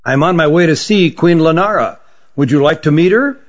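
A man's voice: a little high, animated, brisk. Stern old magician, raised and scolding, dull recording as a male narrator puts him on. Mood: inquiring. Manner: scolding, indignant.

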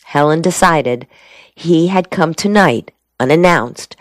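An audiobook narrator, a woman, reads a novel in scripted narration with a measured, even storytelling style. Her voice sits low, and the recording is dry.

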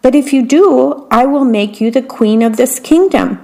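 Grandiose fairytale king, exclaiming , woman doing the voice, raised pitch. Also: normal speed, vocal fry, warm tone. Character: greedy, theatrical storybook king.

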